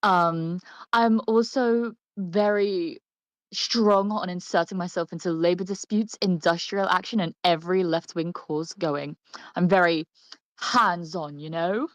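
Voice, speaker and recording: A woman voicing a smug, left-wing male politician, speaking slowly and deliberately. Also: fairly low pitch, fairly even intonation, no room sound, close to an everyday voice.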